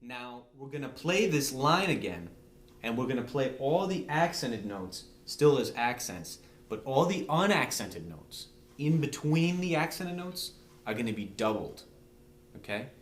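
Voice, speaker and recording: Speaking at a measured pace, this drum instructor has a medium-pitched voice with big swings in pitch. He breaks the demonstration into steps, keeps things conversational and patient, and keeps asking "okay?", all captured in an echoey room beside a drum set.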